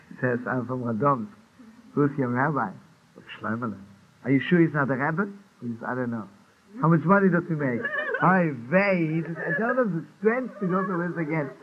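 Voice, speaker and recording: Storytelling rabbi on an old tinny tape. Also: male voice, mid-range voice. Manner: animated storyteller, acts out dialogue, laughs often. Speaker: rabbi telling a Hasidic story. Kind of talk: storytelling talk. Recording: tinny lo-fi archive recording with faint hiss.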